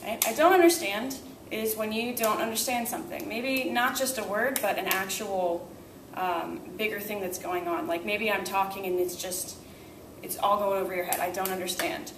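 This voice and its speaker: A woman's voice: medium pitch, moderate pace, background noise. Woman teacher, far off in an echoey room. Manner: explains step by step, asks "right?" often. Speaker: language teacher. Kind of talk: classroom explanation of teaching techniques.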